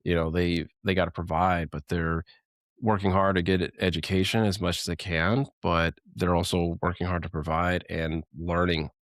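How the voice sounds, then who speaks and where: A man's voice: deep voice, flat delivery, normal speed, a bit bright, no room sound, studio quality. A man co-hosting a podcast in casual, reflective chat that rambles a little and often breaks into laughter. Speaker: podcast co-host.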